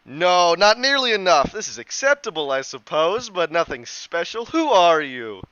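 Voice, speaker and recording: A man voicing a booming, pompous male god who speaks in grand, old-fashioned phrases. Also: big pitch swings, moderate pace, sharp tone, clear, resonant tone, dry recording, heavily acted. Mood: dismissive. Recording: dull lo-fi, dry.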